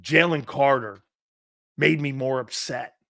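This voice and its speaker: A man's voice: mid-range voice, a little slow, vocal fry, fairly bright tone, dry recording, clean studio sound. A man hosting a live sports talk show, reading viewer comments and ranting in a brash, profane, fired-up way.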